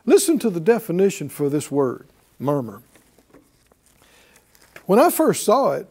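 A man preaching a conversational sermon, asking his listeners questions and chuckling along the way. His voice sits high and swoops widely. The tone is mellow and dark, and he speaks slowly. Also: wildly swooping pitch, husky. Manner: conversational, asks the audience questions, chuckles often. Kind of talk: sermon teaching.

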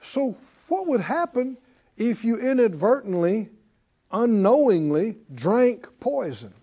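Animated high-voiced preacher man. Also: takes it slowly, slightly rough. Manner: animated, addresses the class, acts out panicked voices. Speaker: Bible teacher. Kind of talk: sermon.

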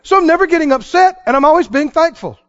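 High, lively-voiced male preacher. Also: quick pace, no room sound, muffled recording. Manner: fervent preaching with sudden loud praise and laughter. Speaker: pastor. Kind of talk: sermon.

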